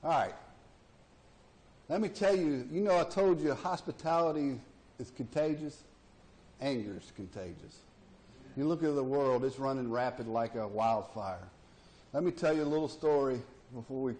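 A man's voice: medium pitch, a little mellow. A middle-aged man, preaching a sermon in a folksy, plainspoken way and acting out the voices in his stories. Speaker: pastor. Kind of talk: sermon with storytelling.

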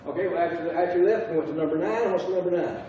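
A man's voice: high-pitched, mellow, slight background noise. Southern man teaching a Bible class, roomy and distant. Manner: halting, repeats words, asks the class questions. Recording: echoey room from far off, dull sound.

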